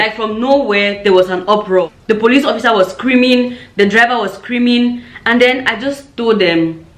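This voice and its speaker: Woman, animated storytime vlogger, roomy echo. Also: a little high, moderate pace. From Cameroon. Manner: animated storyteller acting out quoted voices. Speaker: YouTuber. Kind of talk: storytime vlog.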